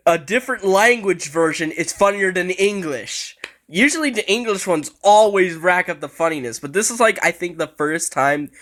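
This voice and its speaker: A man chats through clips in a casual reaction video. His voice is bright and sits a little on the high side. He laughs often and swears freely.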